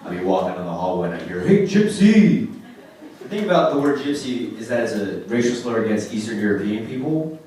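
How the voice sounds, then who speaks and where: A man's voice: lowish voice, quick pace, a little hiss or hum. Young man doing stand-up in an echoey club. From Oregon, USA. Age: 20s. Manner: casual, lively storytelling with put-on quoted voices. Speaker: stand-up comedian. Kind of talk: stand-up comedy set. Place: comedy club stage. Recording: echoey club from far off, loud crowd. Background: audience laughter.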